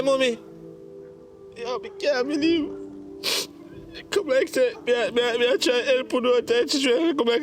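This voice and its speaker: A man with a Jamaican accent, playing a grown son in a comedy skit who pleads with his mother about his money. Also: extremely high pitch. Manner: pleading, emotional.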